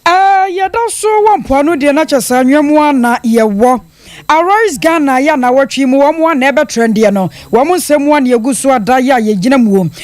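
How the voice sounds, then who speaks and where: A radio news reporter delivering a steady, narrative report. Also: sits high, normal speed, no echo.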